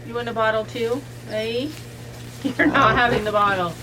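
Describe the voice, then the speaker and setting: Chatting with her viewers as she cares for her goats, a woman coaxes them along in a casual to-camera farm vlog. Her voice is a little high, with fairly even intonation and a moderate pace. Outside, farm noise and bleating goats can be heard.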